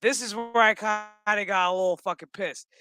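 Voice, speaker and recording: A woman in her thirties recapping a TV episode in a casual, animated rant full of swearing. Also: mid-range voice, normal speed. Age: 30s. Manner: ranting, heavy swearing, animated.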